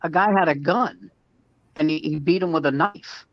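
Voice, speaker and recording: A man's voice: a little high, moderate pace, no echo. Rambling storyteller man, dull dry sound. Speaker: comedian and podcast co-host. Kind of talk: casual storytelling chat.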